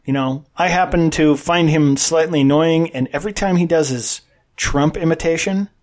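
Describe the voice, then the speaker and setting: A man's voice: fairly high pitch, normal speed, darkish tone. A man co-hosting a podcast in casual chat, blunt and opinionated, swearing freely. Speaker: podcast co-host.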